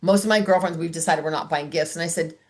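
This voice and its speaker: A woman's voice: low-pitched, fast talker. A middle-aged woman on a video call, chatting casually as she coaches a sales team and acts out talks with customers.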